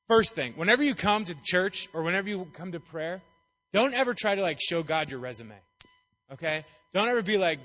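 A man's voice: fairly high pitch, fairly quick, pushed and bright. A man preaching a casual, playful sermon, chatty and jokey as he talks through a Bible passage. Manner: playful, chatty, acts out voices.

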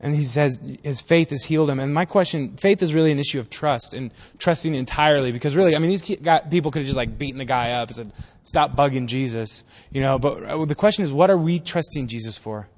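A man's voice: fairly high pitch, quick pace, few pauses, darkish tone, big-room sound. A man pastor giving a casual, conversational sermon in a church. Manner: casual, conversational preaching with acted-out voices.

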